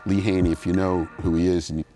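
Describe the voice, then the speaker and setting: Middle-aged guy with a really low voice, animated storytelling in an interview, faint music behind. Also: quick pace. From New Jersey, USA. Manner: animated, acts out quoted voices. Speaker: guest bodybuilder.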